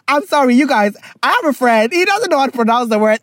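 A woman, hosting and reading out a listener's letter with casual advice, animated and laughing, often slipping into pidgin. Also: fairly high pitch, brisk, few pauses, no echo.

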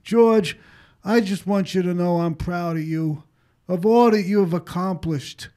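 An actor playing a grumbling elderly father in a nursing home, halting and cranky, trailing off mid-sentence. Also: sits high, mellow. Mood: complaining. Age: older.

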